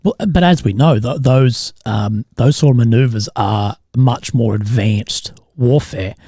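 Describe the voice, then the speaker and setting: Brief: Aussie male host, mid-pitched mellow tone, easygoing and profane, dry close mic. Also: breathy edge, no echo. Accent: Australian. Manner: chatty, swears, quick to laugh. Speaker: podcast host. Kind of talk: casual conversational interview.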